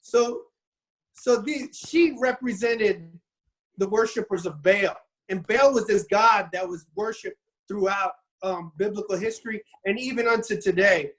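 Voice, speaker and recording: A man's voice: high-pitched, measured pace, fairly bright tone. A man on a casual podcast retelling a Bible story, often restarting his sentences and acting out the quotes. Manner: rambling storyteller, frequent restarts and acted quotes.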